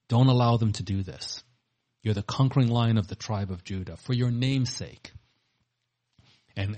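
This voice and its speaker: A man's voice: on the low side, mellow, breathy edge. A man preaching a sermon, reading scripture aloud with rising force between plainer commentary.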